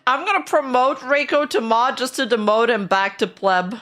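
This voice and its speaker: A young woman streams live, reacting to viewer clips and chatting casually with her audience in a blunt, teasing manner, laughing often. Her voice is fairly high and fairly bright at a moderate pace, with faint music in the background.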